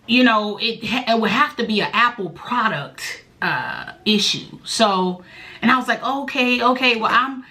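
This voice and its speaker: A woman vlogger, telling a story in a chatty, animated way straight to the viewer. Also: unhurried. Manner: bursts into a high, loud voice when quoting herself. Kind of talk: casual storytime vlog.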